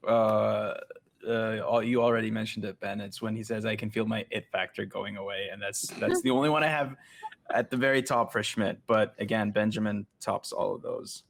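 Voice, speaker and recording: Gravelly man, hesitant podcast co-host. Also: fairly low pitch, fairly even intonation, moderate pace. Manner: hesitant, many filler words. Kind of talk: casual chat.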